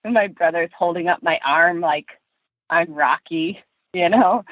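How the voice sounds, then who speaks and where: A woman's voice: on the low side, no room sound. Woman telling stories over a tinny phone line. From Virginia, USA. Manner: unhurried, anecdotal storytelling with frequent pauses. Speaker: fishing guide, interview guest. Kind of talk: podcast interview, personal storytelling.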